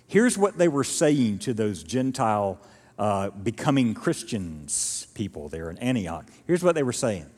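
A male pastor preaching a sermon, telling the story with animated delivery and acting out quotes. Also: fairly low pitch, a little slow, husky. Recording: reverberant church hall.

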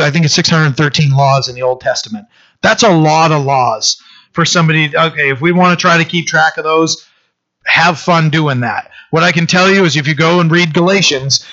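A man's voice: fairly high pitch, bright, forceful tone, lo-fi sound. A man preaching a sermon as a pastor, in a conversational way with frequent restarts and fillers.

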